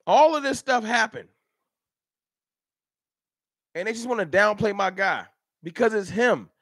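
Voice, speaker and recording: High-pitched, fired-up fan show host. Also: male voice, lively intonation, measured pace, a bit bright, no room sound, studio quality. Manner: heated, rhetorical, talks straight to chat. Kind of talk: animated live-stream sports rant.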